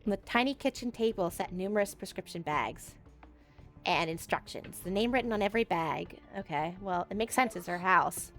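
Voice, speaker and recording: A woman's voice: on the low side, lively intonation, normal speed, a bit bright. Woman streamer, casual rambling chat, faint music bed. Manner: chatty, rambling, many "like" fillers. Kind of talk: casual game-stream commentary.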